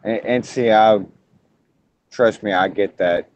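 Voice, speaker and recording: A man hosting a casual wrestling podcast, talking in halting bursts with frequent restarts. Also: on the low side, a little mellow. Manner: halting, restarts often, hedges before points. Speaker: podcast host. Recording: muffled lo-fi podcast audio.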